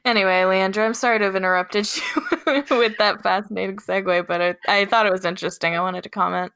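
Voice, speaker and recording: A woman's voice: mid-range voice, fairly even intonation, fast talker, fairly bright tone, smooth. A woman co-hosting a podcast in casual chat, laughing often. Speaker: podcast co-host.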